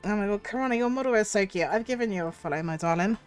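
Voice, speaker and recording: A woman streamer with a cold, her voice husky, chatting effusively with viewers. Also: medium pitch, rapid-fire, faint music behind. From United Kingdom. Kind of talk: casual livestream chat.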